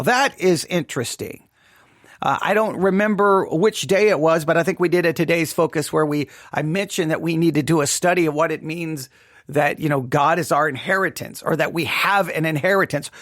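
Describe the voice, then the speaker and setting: A man's voice: a little high, a bit bright, no room sound, studio quality. A man giving a devotional Bible study talk, thinking aloud with frequent restarts and rhetorical questions. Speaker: Bible teacher.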